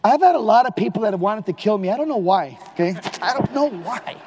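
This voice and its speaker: A man giving a live Catholic preaching talk in a large hall, animated and emphatic, sometimes shouting. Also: high voice, fast, a little hiss or hum. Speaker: Catholic lay speaker.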